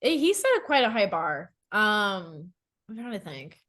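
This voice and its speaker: Speaking at a slightly slow pace and a medium pitch, this woman co-hosts a podcast and recounts dating stories casually. Her storytelling is lively, full of fillers and frequent laughter.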